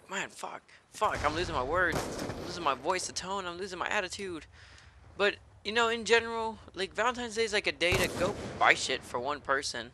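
A man's voice: medium pitch, noisy background. A man doing live gameplay commentary, ranting and cursing in a fired-up rage. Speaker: gaming commentator.

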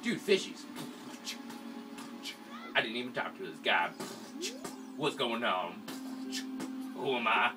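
A man casually commentating a video game he is playing, often excitable and given to sudden shouts. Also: medium pitch, slow, pauses often. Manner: excitable, swings from mumbling to yelling. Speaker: let's play commentator. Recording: distant mic with loud game music.

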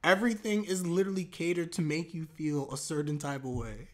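A man's voice: a little high, fairly even intonation, fairly quick, few pauses. A man casually reacting to an anime episode, talking to his viewers with exclamations and laughter.

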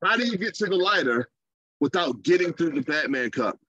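A man preaching a sermon in a lively, conversational way, with playful asides. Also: fairly high pitch, fairly quick, breathy edge, no room sound, muffled recording.

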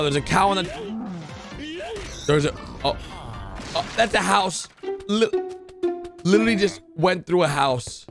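An excitable man reacts out loud, exclaiming and urging characters on. His voice sits a little high and swings widely in pitch. Clear background music plays beneath him throughout. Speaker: reaction video host. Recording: music playing under the voice.

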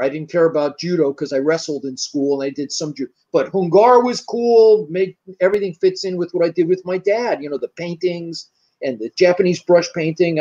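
High-voiced older man telling rambling stories. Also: mellow, dull audio. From United States. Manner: rambling, anecdotal, acts out quoted dialogue. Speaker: martial arts grandmaster, interview guest. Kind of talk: storytelling in an interview.

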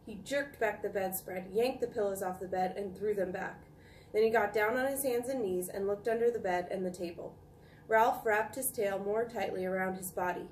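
A woman's voice: medium pitch, normal speed. Lady teacher reading to kids, far from the mic, roomy echo, a little hiss. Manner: calm, expressive storytelling. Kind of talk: reading a children's book aloud. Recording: echoey room, distant mic, faint noise.

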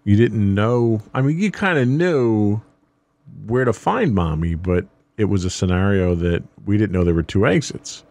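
A man's voice: low-pitched, darkish tone. A middle-aged man hosting a family podcast, talking things through in a reflective, explaining way. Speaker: podcast host. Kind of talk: casual podcast talk.

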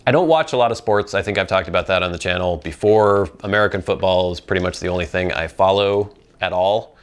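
A young man hosting a casual viewer Q&A, thinking out loud with many ums and restarts. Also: low voice, fairly quick, clear, resonant tone. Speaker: pipe tobacco channel host.

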